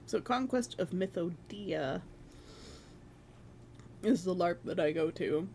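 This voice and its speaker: Streamer, mid-range pitch; loose, joking, offhand chat with the odd swear. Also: animated, slow, gravelly, darkish tone, slight background noise. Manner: rambling, joking, swears casually. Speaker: livestreamer. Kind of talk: casual chat with viewers.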